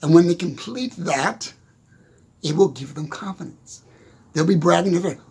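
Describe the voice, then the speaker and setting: Gravelly older man, animated storyteller. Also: a little high, normal speed. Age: 60s. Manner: animated storytelling, chuckling often. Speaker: motivational speaker. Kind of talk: casual motivational talk.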